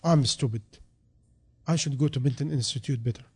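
A man preaching a sermon in non-native English, dropping to quiet reflection and then rising into loud, emphatic calls. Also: medium pitch, brisk, husky.

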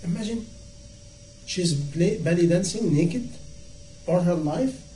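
Male preacher, high voice, mellow tone, impassioned rhetorical questions, distant mic in echoey room. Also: slow pace. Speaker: Islamic preacher. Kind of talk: sermon. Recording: echoey room, from far off, faint noise.

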